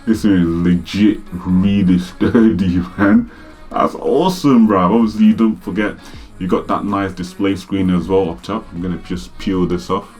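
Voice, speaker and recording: Excitable young man, deep voice. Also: normal speed, soft background music. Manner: excitable, slangy, exclaims often. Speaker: vlogger. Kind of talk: casual unboxing vlog. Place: home studio.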